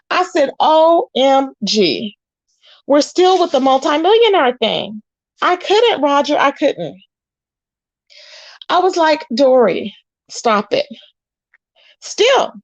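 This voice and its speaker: On a dull, lo-fi recording with no room sound, a high-pitched woman reads her stream's chat out loud. Her commentary is casual and sassy, and she addresses viewers as "honey" and "child."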